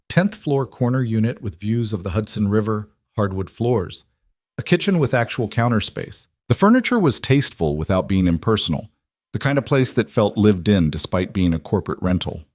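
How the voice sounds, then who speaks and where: In a lowish voice, a man narrates a drama story with a measured, even storyteller's delivery. It's scripted narration recorded in studio quality with no echo.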